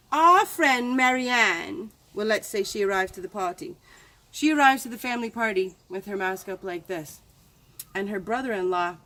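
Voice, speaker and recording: A woman's voice: medium pitch, a bit bright. A woman giving casual coaching talk to viewers, chatty and playful. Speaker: self-help vlogger.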